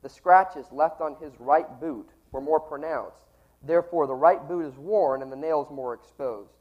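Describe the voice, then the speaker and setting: A sick man voicing a dry, sharp-witted male detective from a storybook, cool and precise. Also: fairly high pitch, unhurried, lo-fi sound. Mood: coolly confident.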